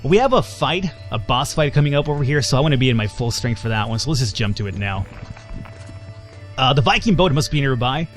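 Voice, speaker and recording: A man's voice: medium pitch, lively intonation, fairly quick, faint music behind. A man hosting a let's play, giving casual gameplay commentary in a chatty, self-deprecating way as he thinks aloud.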